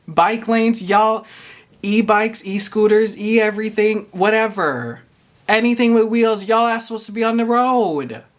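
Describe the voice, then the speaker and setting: A man's voice: high-pitched, a bit bright. A man ranting to camera in a vlog, exasperated, profane and sassy. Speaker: vlogger. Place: Toronto.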